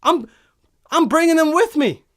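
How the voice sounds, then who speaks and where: A young man hosting a podcast from a studio, telling a profane, animated comic rant full of swearing. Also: very high-pitched, moderate pace, a little hiss or hum. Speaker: podcast host.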